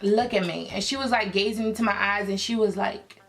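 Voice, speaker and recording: A young woman from Philadelphia, a beauty YouTuber, telling an excited storytime to her viewers in a chatty way with many fillers. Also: medium pitch, a little fast. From Philadelphia, USA. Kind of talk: storytime vlog, casual chat to viewers.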